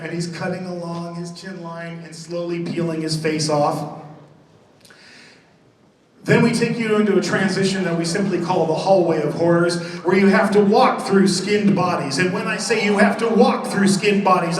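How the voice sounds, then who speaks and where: High-voiced man presenting in an echoing hall. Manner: lively, joking, relishes gory detail. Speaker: haunted attraction designer presenting on stage. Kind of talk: live stage presentation. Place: large convention hall. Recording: roomy hall recorded from far off.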